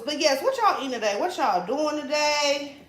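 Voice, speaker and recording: A young woman chatting casually while cooking at home, profane and laughing often, her voice swinging between loud and soft. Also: sits high, expressive, normal speed. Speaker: vlogger. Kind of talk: casual cooking vlog chat. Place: home kitchen. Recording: echoey room, faint noise.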